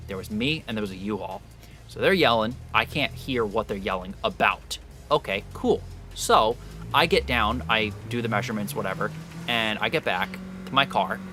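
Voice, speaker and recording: A young man on a live stream spinning a long, rambling anecdote for his chat. His tone is bright and forceful, with lively jumps up in pitch and a freely swearing, easygoing delivery. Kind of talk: casual storytelling to live chat.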